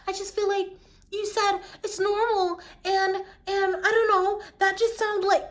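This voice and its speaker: A woman's voice: very high voice, little pitch movement, a little slow, voice pushed up. A woman voicing an evasive young woman who hedges and talks in circles. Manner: hedging, vague.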